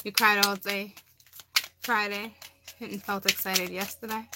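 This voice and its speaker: A rambling woman with a Massachusetts accent talks casually to her live viewers while she reads tarot cards. She often repeats herself in a mid-pitched voice, and a clear noisy hiss runs under the recording. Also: flat delivery, a little slow. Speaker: tarot card reader on a livestream.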